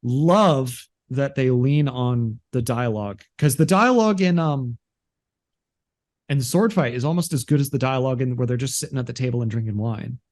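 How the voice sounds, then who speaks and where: Speaking in a mid-range voice at a moderate pace, this man co-hosts a podcast. His casual chat rambles and restarts often, and he animatedly acts out quotes and movie lines.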